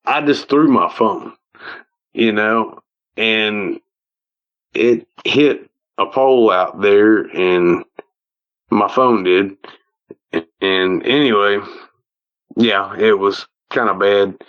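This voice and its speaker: Man, Ozark Southern accent, slow rambling storyteller, folksy, muffled lo-fi phone audio. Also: lowish voice. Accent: Ozark Southern American. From Ozark Mountains, United States. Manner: rambling, repeats himself, folksy phrasing. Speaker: guest telling a personal encounter. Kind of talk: casual storytelling on a call. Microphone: phone call audio.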